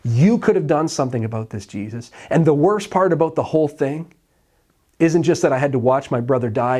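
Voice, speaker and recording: Man preaching an animated sermon. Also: medium pitch. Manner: animated storytelling, acts out dialogue. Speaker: pastor. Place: church sanctuary.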